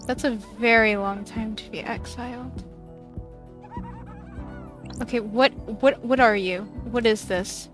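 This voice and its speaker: Woman streamer, let's-play commentary, slow deliberate pace, fairly high voice. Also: fairly even intonation, faint music behind. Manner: reads on-screen game text aloud, chatty, giggly. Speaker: streamer playing a game.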